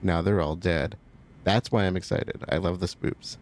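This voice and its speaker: A man's voice: low-pitched, moderate pace, slight background noise. A man hosting a let's play, casually commenting on a game and thinking aloud as he plays. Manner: relaxed, thinking aloud, chatty asides.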